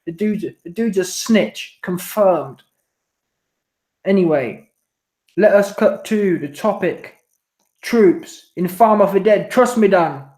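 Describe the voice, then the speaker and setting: High-voiced man, slangy live-stream banter. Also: takes it slowly, pauses often, a little mellow. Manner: slangy, repetitive, laid-back banter. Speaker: boxing commentary channel host. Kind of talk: casual live-stream chat reading super chats. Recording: roomy echo.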